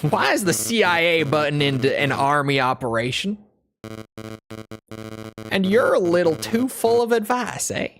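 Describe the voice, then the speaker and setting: A woman's voice: lowish voice, animated, moderate pace, long pauses, soft background music. A woman doing a smug Southern soldier drawl. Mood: taunting. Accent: put-on American Southern. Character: mocking Southern male soldier, needling and smug. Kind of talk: reading game dialogue aloud.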